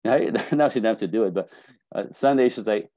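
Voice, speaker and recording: A middle-aged man, a dating coach, telling lively stories on a podcast and acting out bits of dialogue. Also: fairly low pitch, a little fast, no echo. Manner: animated storytelling, acting out dialogue. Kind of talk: casual podcast conversation.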